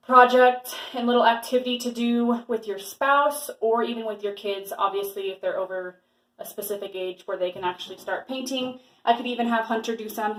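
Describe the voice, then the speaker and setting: A young woman in her twenties chats her way through a home craft vlog, rambling and peppering her talk with fillers. Her voice sits at an ordinary middle pitch. The room around her is noticeably echoey. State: slightly out of breath. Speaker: lifestyle vlogger. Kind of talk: casual vlog chat.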